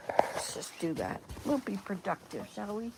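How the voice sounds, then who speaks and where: A woman's voice: medium pitch, big pitch swings, moderate pace, creaky, heavy background noise. A woman in her sixties chatting casually at home, rambling and upbeat, coaxing her cats now and then. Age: 60s. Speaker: vlogger. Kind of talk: casual chat.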